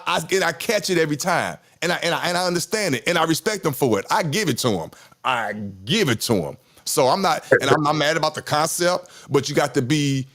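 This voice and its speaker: A man, talking candidly in casual chat, rambling, repeating himself and swearing. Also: medium pitch. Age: 50s. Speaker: podcast host.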